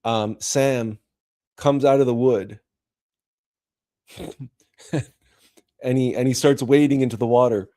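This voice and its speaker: A man's voice: medium pitch, fairly even intonation, moderate pace, mellow. A man hosting a spiritual talk show, speaking in an earnest, emotional monologue with frequent repeats and restarts. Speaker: host.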